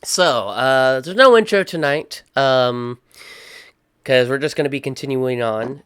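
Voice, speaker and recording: A man's voice: mid-range voice, a little slow, fairly bright tone, clear, resonant tone, dry recording, clean studio sound. A man acting as game master for an online tabletop role-playing session, loose and chatty, laughing often.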